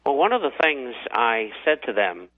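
A man, a guest on a talk radio show, telling his story in a deliberate, halting way. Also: mid-range voice, very animated. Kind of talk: phoned-in interview storytelling. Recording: tinny phone line.

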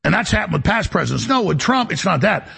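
A man hosting a talk show, delivering a rambling, emphatic monologue in a gravelly, raspy voice. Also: sits high, very animated, quick pace, pushed and bright. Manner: emphatic, boastful, jumps between topics.

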